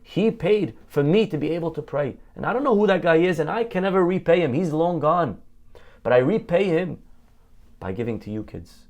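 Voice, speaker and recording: Creaky-voiced rabbi telling a story. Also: male voice, fairly high pitch, lively intonation, moderate pace, a little mellow, muffled recording. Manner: heartfelt, conversational, many "you know" fillers. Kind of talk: storytelling sermon.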